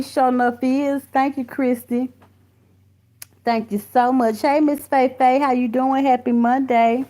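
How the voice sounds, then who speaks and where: A woman's voice: sits high, steady tone, a little slow, warm tone. A woman hosting a casual live stream from her phone or computer, greeting viewers by name and talking bluntly with lots of cursing. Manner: blunt and profane, calling viewers honey and baby. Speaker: livestream host reading viewer comments. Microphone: phone or computer mic.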